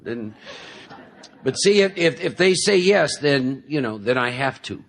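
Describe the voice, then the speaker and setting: Husky-voiced man telling stories to a crowd. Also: mid-range voice, expressive, unhurried. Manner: conversational, keeps asking the audience "see?"; jokey storytelling, acts out inner voices. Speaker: guest speaker at a recovery meeting. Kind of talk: speaker talk to a live audience.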